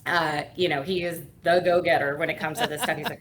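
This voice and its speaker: A woman's voice: low voice, fairly even intonation, fast talker, hardly any pauses, fairly bright tone, slight background noise. A middle-aged woman guesting on an interview, telling her career story in a chatty way with lots of fillers. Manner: chatty, many fillers, acts out quoted dialogue. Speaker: guest, firm owner and CEO.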